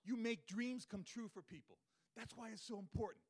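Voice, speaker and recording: A man telling a wildlife story to an audience in an animated way, acting out his own thoughts and the animals with big swings of voice. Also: high-pitched, moderate pace, slightly rough. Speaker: wildlife photographer giving a talk.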